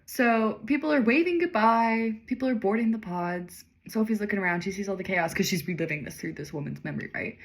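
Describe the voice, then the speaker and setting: A woman reading aloud a story she wrote and commenting on it with sarcastic asides. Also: lowish voice. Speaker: author reading her own old story.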